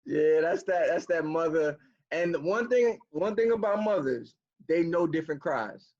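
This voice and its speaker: Podcast co-host, male, high voice, laid-back slangy talker, muffled lo-fi sound. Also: measured pace. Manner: relaxed slangy storytelling. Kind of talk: casual chat.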